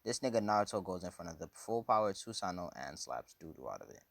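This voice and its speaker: A man's voice: low-pitched, animated, fast, dry recording. A man casually telling a fan story, rambling and slangy with lots of fillers.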